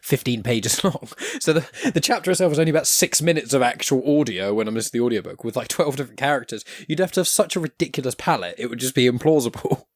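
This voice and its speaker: A podcast host chatting in an easy, enthusiastic way and laughing along as he talks. His voice sits at a middle pitch and sounds close and dry. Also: animated, fast talker, hardly any pauses, dry recording. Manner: friendly, enthusiastic, laughs often. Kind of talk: casual podcast chat.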